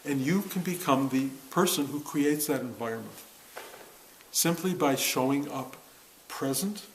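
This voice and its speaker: A man over fifty speaks to a meditation class in an even, mid-pitched voice. He talks in a reflective, unhurried way, pausing often and correcting himself mid-phrase. A faint hiss of noise sits behind him. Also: rough recording. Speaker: meditation teacher. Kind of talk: spiritual talk to a class.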